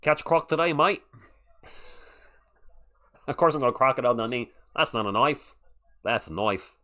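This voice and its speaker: A man's voice: mid-range voice, fairly even intonation, racing, fairly bright tone, lightly acted. Jokey outback croc hunter with an Australian accent, done by a male streamer. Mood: hammy. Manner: hammy, jokey outback slang.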